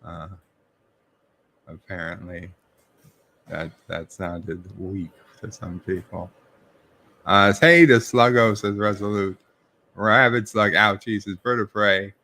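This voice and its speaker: Slow and full of long pauses, this on-the-low-side male voice has a sharp tone. He's a middle-aged New Yorker running a live stream about a TV episode, casually reading out and replying to chat messages from viewers.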